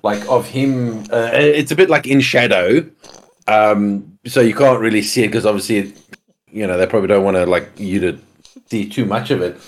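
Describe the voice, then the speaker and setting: A man's voice: fairly low pitch, moderate pace. A man co-hosting a casual podcast chat, rambling and swearing freely as he rants. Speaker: podcast co-host.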